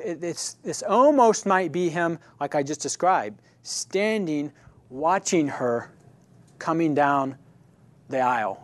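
A man leads a Bible study class in a chatty, conversational way, checking in with his listeners as he goes. His voice sits a little higher than most men's and he corrects himself mid-sentence. The sound is dry, with little room echo. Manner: conversational, keeps checking in with "right?"; restarts and self-corrections.

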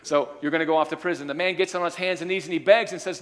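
Preacher with lively acted-out storytelling. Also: male voice, a little high, very fast, few pauses, in a large hall. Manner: acts out parable voices, shifting loud and soft. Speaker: pastor. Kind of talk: sermon.

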